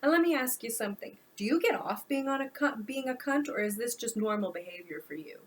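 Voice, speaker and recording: A woman's voice: on the high side, expressive, a little fast, slight background noise, close to an everyday voice. A woman reading a weary, sarcastic homeless man. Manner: dry, sarcastic muttering. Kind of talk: audiobook narration.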